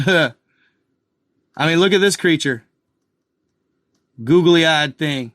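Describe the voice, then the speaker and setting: An excitable man with a drawl rambles through a live show, speaking straight to his viewers. His voice is bright and pushed, a little higher than most men's, and it sits close and dry on the mic with no room sound. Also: measured pace, long pauses, no room sound. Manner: excitable, rambling, addresses viewers as guys and y'all. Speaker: channel host. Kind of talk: casual live commentary over a map.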